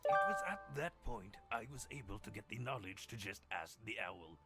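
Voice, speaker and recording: A low, gravelly male agent delivers his findings in a measured, formal manner, as a man puts him on while reading game dialogue. The voice swings widely in pitch. Game music plays behind him. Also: lively intonation. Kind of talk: game dialogue read aloud by a player.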